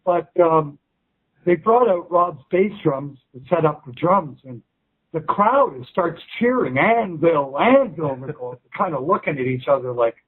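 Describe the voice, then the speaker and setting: Musician guy rambling with restarts and swears, slightly high voice, phone line quality. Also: expressive, measured pace, husky. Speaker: musician guest. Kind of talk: casual interview chat.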